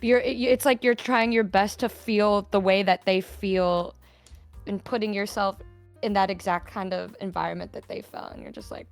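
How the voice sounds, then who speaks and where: A woman's voice: mid-range voice, fairly even intonation, normal speed, no room sound, faint music behind. A woman streamer in casual chat, swearing freely and getting emotional as she talks.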